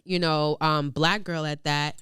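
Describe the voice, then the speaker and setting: A woman's voice: sits low, steady tone, measured pace, a bit bright, clear, resonant tone, no room sound, clean studio sound. A young woman hosting a podcast, chatting frankly and curiously in a casual way, with lots of "like" and "you know". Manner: frank, curious, heavy on filler "like". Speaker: podcast host. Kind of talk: casual chat.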